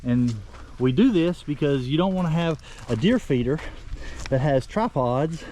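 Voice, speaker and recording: A man's voice: fairly high pitch, animated, measured pace, warm tone, slight background noise. An older man, rambling and folksy, talking viewers through a job outdoors in the woods. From southern Oklahoma. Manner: folksy, rambling, repeats himself. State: out of breath. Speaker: vlogger. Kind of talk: casual outdoor how-to narration.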